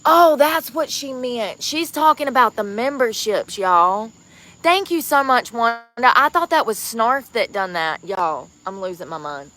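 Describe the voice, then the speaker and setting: A woman's voice: on the high side, lively intonation, unhurried, pushed and bright. A woman livestreaming outdoors on the street, chatting casually and rambling to her viewers.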